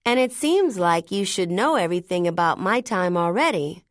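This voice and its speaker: A woman's voice: on the low side, animated, moderate pace, no echo. A woman narrating a first-person storybook in a chatty, wry, conversational way on a close studio mic. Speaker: audiobook narrator.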